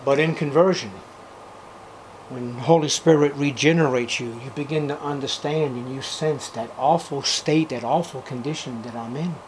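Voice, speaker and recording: An older man preaching a sermon at a church service, fervent, swinging between loud outbursts and hushed passages. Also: mid-range voice, moderate pace, a little hiss or hum, rough recording.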